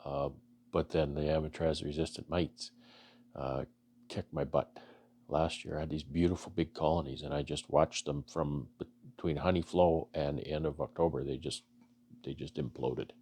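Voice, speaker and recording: A man from Canada, a beekeeper vlogger, talking to his viewers in a halting, earnest way with many restarts, emotional and choking up. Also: very deep voice, steady tone, a little mellow, husky. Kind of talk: casual heartfelt talk to camera.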